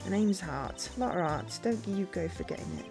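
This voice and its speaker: A woman voicing a brash, loud woman photographer in a put-on South London accent, reading game dialogue aloud with voices. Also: on the low side, lively intonation, normal speed, music in the background. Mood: brassy, pushy.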